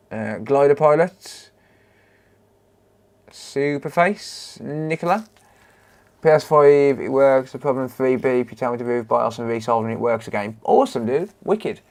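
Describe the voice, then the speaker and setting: A British man in a relaxed live stream, talking at an ordinary middle pitch. He chats loosely while he works, stopping to greet and thank viewers one by one. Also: slow, pauses often. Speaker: repair livestreamer. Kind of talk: casual live stream chat.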